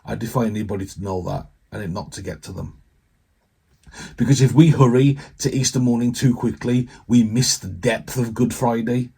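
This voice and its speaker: A vicar delivers a heartfelt sermon in a husky, slightly breathy voice. His tone is dark and mellow, and he speaks earnestly and conversationally, pausing where the emotion runs deep. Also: fairly even intonation.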